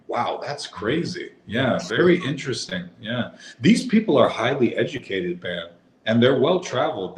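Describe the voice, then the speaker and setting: A podcast guest from Boston tells stories in a chatty, casual way, peppering his sentences with "like" and laughing often. His voice is medium-pitched, and the recording is rough and echoey.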